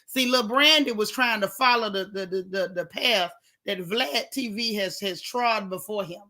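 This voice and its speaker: Bright-voiced indignant woman gossip vlogger. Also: medium pitch, moderate pace. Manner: indignant, sarcastic, talks straight to viewers. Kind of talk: casual commentary.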